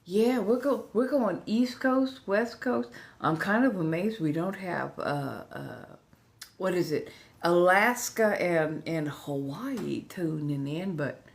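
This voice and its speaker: A woman hosting a relaxed late-night ASMR livestream, chatting softly and playfully and sometimes dropping into a whisper. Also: lowish voice, slow. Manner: soft-spoken, drifting into whispers.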